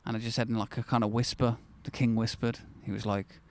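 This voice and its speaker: A man's voice: mid-range voice, level tone, fairly quick. Candid man telling a personal story. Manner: candid, conversational, reflective with bursts of enthusiasm. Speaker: channel host. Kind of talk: casual personal storytelling to camera.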